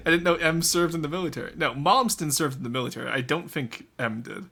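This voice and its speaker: A man's voice: on the high side, a little fast, hardly any pauses, soft background music. A young man chatting with his stream viewers, laughing often. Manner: animated, laughs often, talks to chat. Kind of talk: casual live-stream chat.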